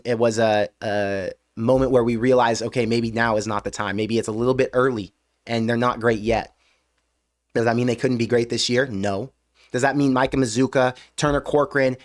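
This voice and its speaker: A young man hosting a fan reaction show, venting with emphatic rhetorical questions after a game. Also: medium pitch. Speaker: sports fan show host. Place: US Midwest.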